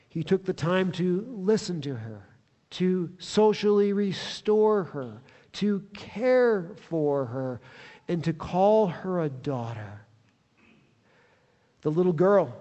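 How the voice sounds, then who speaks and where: A man preaching a sermon as a pastor, telling the story in an animated way that swells with excitement. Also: high-pitched, slow pace, pauses often, long reverb tail, muffled recording.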